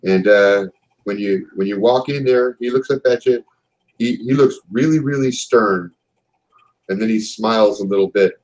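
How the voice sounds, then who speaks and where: A man narrating as game master of a tabletop role-playing game, in a relaxed way. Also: lowish voice, moderate pace, rough recording.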